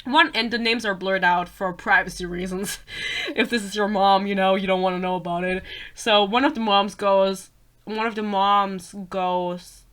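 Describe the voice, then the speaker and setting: A young woman hosting a book podcast, ranting casually with swearing and laughter, a little sick and slightly hoarse. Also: mid-range voice, fairly even intonation, moderate pace, fairly bright tone. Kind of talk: casual rant. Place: Germany.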